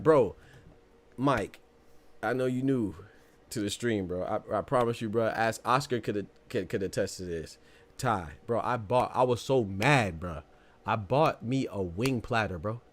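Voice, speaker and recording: A man hosts a boxing live stream from his desk, his mid-pitched voice jumping up and down as he talks. He breaks into laughs often and keeps tossing in "bro" as he riffs to his chat in a loose, casual way. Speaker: boxing podcast host.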